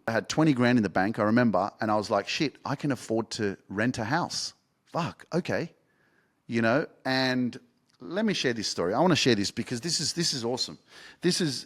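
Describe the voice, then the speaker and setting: A young man hosting a podcast, telling a personal story in a casual, rambling way and swearing freely. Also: medium pitch. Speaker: podcast host and life coach.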